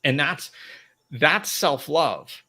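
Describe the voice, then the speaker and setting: A middle-aged man hosts a live self-help talk in a lively voice that swings widely up and down. His tone is bright and forceful, and he often laughs while acting out both sides of a quarrel. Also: fairly high pitch, extremely slow, breathy edge. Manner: animated, acts out arguments in raised voices, laughs often. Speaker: host.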